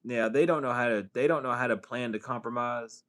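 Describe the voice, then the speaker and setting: A man talking straight to camera in a casual, profane spiritual vlog, animated and laughing between thoughts. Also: mid-range voice, fairly quick. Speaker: tarot reader and healer.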